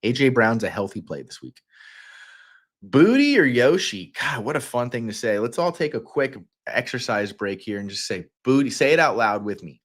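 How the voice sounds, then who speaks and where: Playful Southern man, lowish voice. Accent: Southern American. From Kentucky. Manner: playful, rambling, quick energetic bursts. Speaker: fantasy football livestream host. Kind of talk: casual livestream talk.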